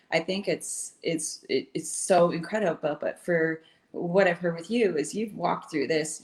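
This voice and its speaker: A woman with a low voice and a gravelly edge to it, co-hosting a live chat. She talks in a reflective, encouraging way and pauses on fillers as she thinks. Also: reverberant. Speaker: co-host.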